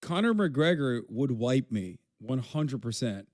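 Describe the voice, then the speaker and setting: A man's voice: medium pitch, big pitch swings, measured pace, darkish tone, no room sound. A man talks straight into the stream, answering chat with blunt, swear-laden remarks. His voice sits in a middling register. The sound is dry and close, with no room around it. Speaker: streamer reacting to a video. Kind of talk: casual live-stream commentary.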